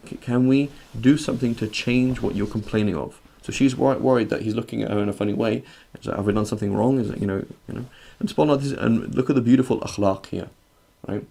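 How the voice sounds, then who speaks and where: A man's voice: medium pitch, creaky, a little mellow. A male religious teacher giving a conversational lesson. He reads classical Arabic passages, translates and explains them, and keeps checking in with "right?". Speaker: Islamic teacher.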